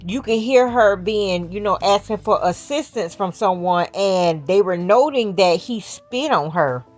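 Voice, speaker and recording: A woman's voice: medium pitch, animated, a little slow, faint music behind, low-quality recording. A woman giving casual, slangy celebrity-news commentary, talking straight to her viewers.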